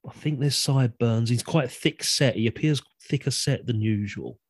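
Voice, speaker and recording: A man's voice: mid-range voice, moderate pace, husky, dry recording, studio quality. A man co-hosting a podcast, thinking aloud about old comedy films and laughing often. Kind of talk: casual film chat.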